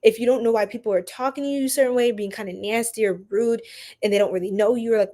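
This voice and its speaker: A young adult woman hosting a tarot reading livestream, chatting casually with viewers in an animated, slangy way and laughing often. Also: on the high side, fast talker. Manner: animated, laughing, preachy slang-filled asides. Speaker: tarot reader livestream host.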